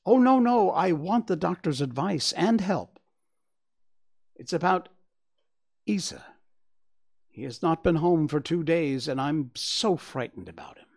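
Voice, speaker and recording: A man's voice: a little high, measured pace, long pauses, no room sound, studio quality. A man voicing a distraught young woman in an audiobook, pleading for help in a worried rush. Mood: frightened. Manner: pleading, breathless with worry.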